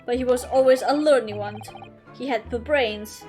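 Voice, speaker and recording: A woman voicing a rough, chummy working-class man from the old streets, with a broad put-on cockney twang that trips over its own slang. The voice sits high, with soft music behind. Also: normal speed, natural voice.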